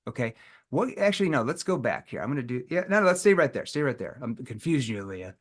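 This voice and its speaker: A man's voice: mid-range voice, fast talker. A man teaching a live sales training, talking casually and acting out playful lines he uses with prospects. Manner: animated, acts out playful quotes.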